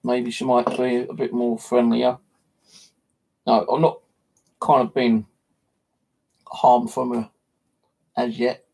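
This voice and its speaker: A gravelly British man with a husky, rough-edged voice talks on a casual live stream from his home flat. He speaks bluntly and swears freely, sounding middle-pitched and scolding. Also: slow pace, pauses often. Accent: British English. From United Kingdom. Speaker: paranormal vlogger.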